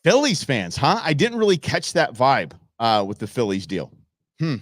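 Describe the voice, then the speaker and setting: A middle-aged man hosts a live show in a loose, opinionated rant, answering his chat as he goes. His voice swings widely in pitch, and the sound is close and dry. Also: huge pitch swings, normal speed, dry recording. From Los Angeles area. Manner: opinionated, ranting, talks back to chat. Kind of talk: casual live-stream chat.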